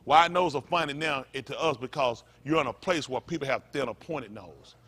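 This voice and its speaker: A pastor, preaching a sermon in a repetitive, emphatic manner that rises to loud peaks. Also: male voice, mid-range voice, a little fast, husky.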